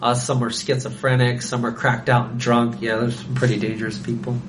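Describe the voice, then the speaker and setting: A young man chatting on a podcast as a guest, telling an animated story and acting out the voices of the people in it. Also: mid-range voice, fairly quick, noisy background. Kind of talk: casual chat, storytelling.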